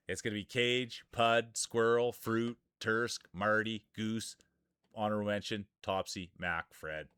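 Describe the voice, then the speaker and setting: A man's voice: on the low side, unhurried, smooth, dry recording, studio quality. A man hosting a live marble-race stream, giving casual, joking commentary and greeting viewers, laughing often. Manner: jokey, excitable, laughs often while talking. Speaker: streamer and game host.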